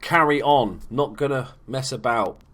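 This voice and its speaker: A man giving casual, chatty commentary over a football management game, swearing freely and bursting into shouts at big moments. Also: mid-range voice, unhurried. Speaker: gaming YouTuber. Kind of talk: casual let's play commentary.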